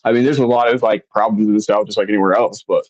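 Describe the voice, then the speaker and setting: A man's voice: on the low side, fairly even intonation, fast, no room sound, rough recording. A man from South Carolina hosting a casual chat in a laid-back, easygoing way. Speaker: podcast host.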